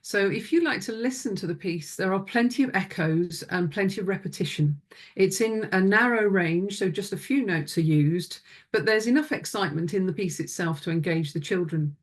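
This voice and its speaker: A woman presenting a music teaching webinar, speaking calmly and instructively into a close microphone. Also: medium pitch, moderate pace. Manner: calm, instructive, demonstrates vocal exercises.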